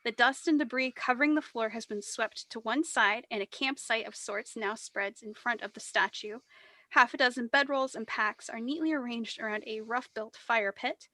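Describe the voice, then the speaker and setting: A woman running a tabletop game, describing rooms and foes with lots of pauses and fillers. Her voice is bright and a touch high, recorded close and dry on a podcast mic. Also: dry recording. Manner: descriptive, hesitant with many fillers. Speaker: game master.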